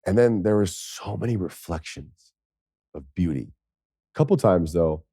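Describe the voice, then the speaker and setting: A man in his thirties, a former pro football player, telling his story as a podcast guest in a rambling, animated way full of "like". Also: low voice, no room sound, clean studio sound. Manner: rambling, animated, heavy "like" fillers. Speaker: interview guest, former NFL tight end. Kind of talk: candid storytelling.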